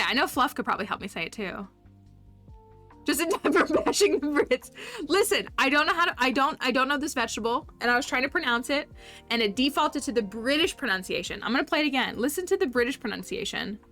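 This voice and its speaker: Bright-voiced chatty woman streamer. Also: high-pitched, lively intonation, fast, faint music behind. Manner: chatty, upbeat, laughs often while reading chat. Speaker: livestreamer. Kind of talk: casual livestream chat with viewers.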